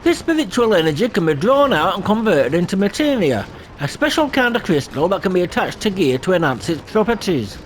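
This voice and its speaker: A man's voice: high voice, sing-song, fairly quick, slight background noise. A man voicing a learned, formal teacher of crystal lore, reading in a shaky put-on accent with small stumbles. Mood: instructive. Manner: stilted put-on accent, read aloud with stumbles.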